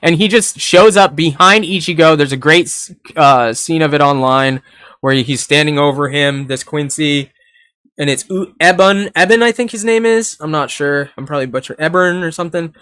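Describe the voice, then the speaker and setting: A man's voice: on the high side, normal speed, a bit bright, clean tone, no echo, studio quality. A young man reviewing an anime episode in a rambling, casual way, laughing often and swearing now and then.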